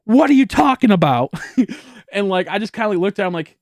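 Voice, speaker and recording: A man's voice: high-pitched, animated, quick pace, dry recording, studio quality. A young man streaming, telling a story in a rambling, casual way with lots of swearing and laughter. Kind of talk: casual livestream chat.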